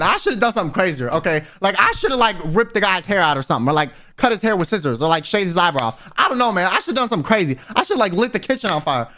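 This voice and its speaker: A young man with a fairly high voice tells a personal story to his viewers in an animated, exasperated rant. His delivery swings between loud indignant bursts and low muttered asides. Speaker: vtuber storyteller.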